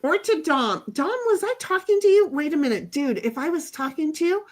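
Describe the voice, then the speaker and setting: A woman with a high voice hosts a relaxed home livestream. She rambles animatedly from one story to the next, reads chat comments aloud and laughs easily. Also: a little fast. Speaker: livestream host. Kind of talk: casual chat reading out chat comments. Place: home, speaking over a headset.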